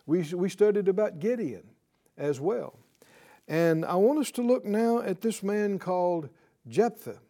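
Slow, earnest male Bible teacher. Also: high-pitched, lively intonation, warm tone. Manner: earnest, deliberate, rhetorical questions. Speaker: preacher.

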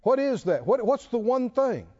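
A man's voice: very high-pitched, very animated, moderate pace, dark tone, lo-fi sound. A man preaching a sermon, drawing call-and-response replies from his congregation. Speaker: pastor.

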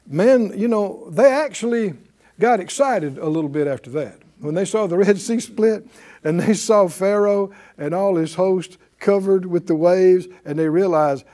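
A high-pitched man leads a Bible class in a preaching style, folksy and animated, chuckling often and drawing the class into call-and-response.

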